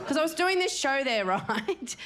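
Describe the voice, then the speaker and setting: A woman's voice: sits high, sing-song, moderate pace, a bit bright. A woman in her forties doing live stand-up comedy, brash and crude as she teases the crowd. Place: stage before a live audience. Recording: live show with audience noise.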